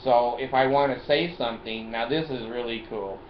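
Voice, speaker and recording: An older man hosts a casual vlog from his car, showing off his phone and car gadgets in a mid-range voice at a moderate pace. He's chatty and jokey, laughs often, and swears freely. The recording is roomy and dull, with a muffled lo-fi sound and faint noise.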